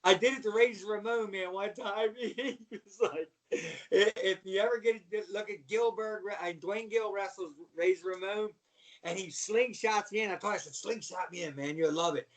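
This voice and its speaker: A middle-aged man from Baltimore, a former wrestler, telling slangy, animated stories as a podcast guest. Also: sits high, moderate pace, recorded from a distance, poor audio. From Baltimore, USA. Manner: animated storyteller, slangy, says "man" a lot. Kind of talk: casual storytelling interview.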